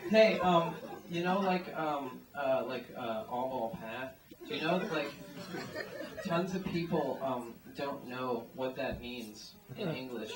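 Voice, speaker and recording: A man's voice: mid-range voice, takes it slowly. A man doing a stand-up comedy set, rambling through his jokes with lots of "like" and "um" fillers. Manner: rambling, filler-heavy delivery full of "like" and "um". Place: small live comedy venue. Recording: echoey room, mic at a distance.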